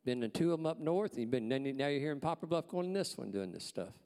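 Casting: man, lively storytelling testimony, big reverberant church hall. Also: mid-range voice, fast. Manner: folksy, animated storyteller acting out dialogue. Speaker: church staff member giving a testimony.

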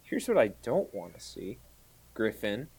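Lively, joking podcast co-host. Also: medium pitch, a little slow, slightly rough. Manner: animated, joking, mock-outraged. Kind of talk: casual fan podcast chat.

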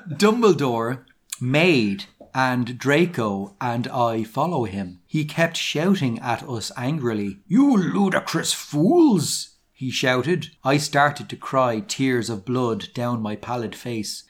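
Male podcast co-host, mid pitch, dramatic deadpan readings of bad fiction. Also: slow. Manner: mock-dramatic reading with sarcastic asides. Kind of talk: casual chat, reading fan fiction aloud.

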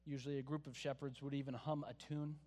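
A man's voice: medium pitch, level tone, fast talker, a little mellow. A man preaching a sermon as a pastor, in a conversational style with joking asides. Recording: long hall reverb.

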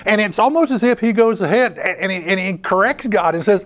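A man's voice: sits high, brisk, a bit bright. A man preaching a sermon, asking rhetorical questions and often repeating his words as he builds a point.

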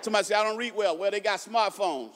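A man preaching in a big hall, his voice pitched very high and ringing bright as it rolls off long reverb. He swings from low asides into shouted emphasis and trips over rapid repeated words. Playful jabs at the audience break up the sermon. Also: some chatter behind, slight background noise. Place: large hall with a stage.

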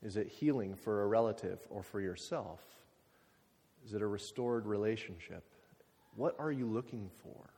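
A man preaching a sermon, talking casually with lots of fillers and sometimes dropping to quiet, reflective passages. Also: lowish voice, normal speed, breathy edge. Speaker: pastor. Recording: hall reverb.

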